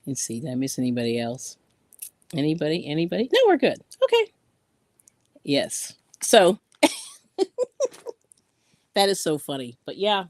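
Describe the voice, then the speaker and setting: A woman's voice: sits low, big pitch swings, a little slow, long pauses, dry recording. A woman hosting a casual craft live stream, chatting and laughing often as she reads out viewer comments while sewing in yarn ends.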